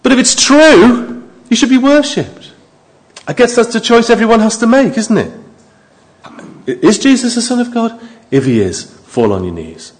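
A man preaching a sermon, moving from quiet, low asides to raised, emphatic appeals to his listeners. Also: very animated, moderate pace.

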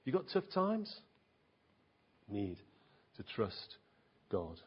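A man's voice: lowish voice, wildly swooping pitch, very slow, breathy edge. A man preaching a sermon in an earnest, emphatic way, asking his listeners rhetorical questions. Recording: dull lo-fi recording.

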